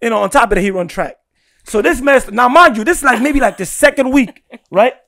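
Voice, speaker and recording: Lively storytelling young man. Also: very high voice, fairly quick. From Guinea. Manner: animated, laughing storyteller who keeps asking "right?". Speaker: podcast guest. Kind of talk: casual storytelling.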